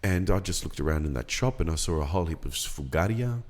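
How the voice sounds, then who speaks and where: Low, gravelly middle-aged man. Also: animated, darkish tone. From Australia. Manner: unhurried, reflective storyteller with many ums. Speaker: podcast guest. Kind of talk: storytelling in casual chat.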